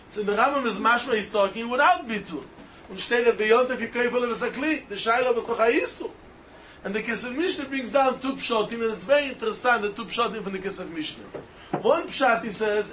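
Slight noise sits behind this man's high voice as he argues animatedly through a Talmud-style lesson. His reasoning has a sing-song lilt, and Hebrew, Aramaic and Yiddish words dot his English.

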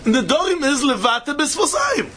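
A man delivers a Talmud lecture in a strikingly high voice. He repeats his points with insistent emphasis and chuckles as he works through the argument. A faint hiss sits under the recording. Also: huge pitch swings, moderate pace, pushed and bright. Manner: emphatic and repetitive, chuckling while explaining. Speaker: Talmud teacher.

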